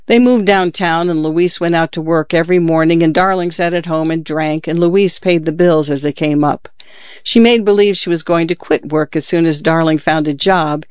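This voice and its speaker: A man reads a literary short story aloud with measured, even delivery. His voice sits slightly high for a man. The recording is dry, close and a little muffled. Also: no echo. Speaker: narrator. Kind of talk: audiobook narration of a literary story.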